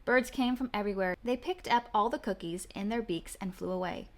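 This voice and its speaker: A mother reading a children's storybook aloud in a gentle, expressive way. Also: medium pitch, brisk. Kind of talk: children's book read-aloud.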